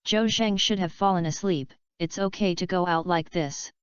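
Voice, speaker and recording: A woman's voice: lowish voice, moderate pace, clear, resonant tone, dry recording, lightly acted. A woman reading the lines of a shy young heroine in an audiobook, in her own plain voice. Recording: dull lo-fi dry recording.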